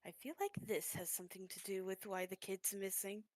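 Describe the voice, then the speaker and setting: A woman voicing a quiet kenku bird cleric. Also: mid-range voice, brisk, close to an everyday voice. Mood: musing. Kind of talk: tabletop role-play.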